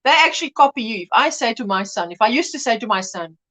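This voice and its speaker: A middle-aged woman hosts a casual livestream, speaking fast in a slightly high voice as she chats and reads out viewer comments. She's an animated storyteller who mimics voices and laughs often.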